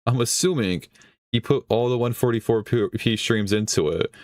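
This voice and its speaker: There's clean studio sound with no echo as a man with a medium-pitched, slightly mellow voice talks at normal speed. He's hosting a stream and reacting to a video, rambling loosely, cursing a lot and laughing mid-sentence.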